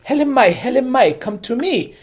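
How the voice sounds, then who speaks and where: A man's voice: very high-pitched, lively intonation, normal speed, a little hiss or hum, voice pushed up. A man voicing a panicky young boy, calling out and pleading for his lost sister. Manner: pleading, tearful calls.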